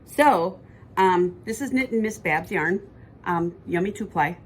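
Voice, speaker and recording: Woman, lowish voice, casual podcast chat, rambling, faint background hiss. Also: lively intonation, unhurried. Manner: chatty, rambling, self-correcting. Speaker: podcast co-host.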